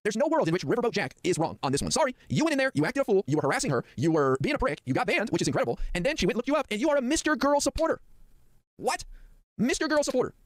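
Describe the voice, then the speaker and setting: A male streamer rants at breakneck speed, exasperated and incredulous. His voice sits high and swings widely. The sound is dry and close. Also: big pitch swings, no room sound. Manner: exasperated, rapid ranting. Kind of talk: live stream commentary.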